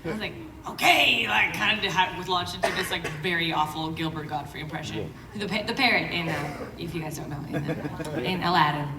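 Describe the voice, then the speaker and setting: A woman's voice: on the low side, fairly quick, crowd noise. A woman voice actor on a convention panel, chatting loosely about an audition with lots of "like". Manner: chatty, rambling with "like". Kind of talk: panel anecdote. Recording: roomy hall from far off with noise.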